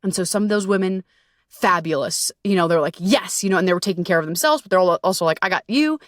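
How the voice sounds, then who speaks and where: A woman's voice: on the low side, quick pace, no room sound, clean studio sound. A woman hosting her own podcast, telling a story in a candid, casual way, full of swearing and fillers like "you know" and "like". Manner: candid, profane, conversational with frequent fillers. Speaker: podcast host and self-love coach.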